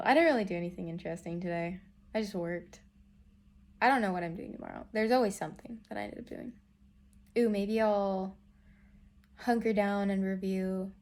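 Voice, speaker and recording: A woman's voice: medium pitch, darkish tone. Chatty self-mocking young woman vlogger. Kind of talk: casual vlog chat. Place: hotel room in quarantine.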